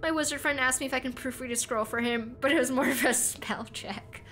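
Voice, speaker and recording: A woman's voice: sits high, a little fast, a bit bright, a little hiss or hum. A young woman from North America chatting casually while streaming a game, rambling with restarts and frequent giggles. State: voice cracking. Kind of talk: casual gameplay commentary.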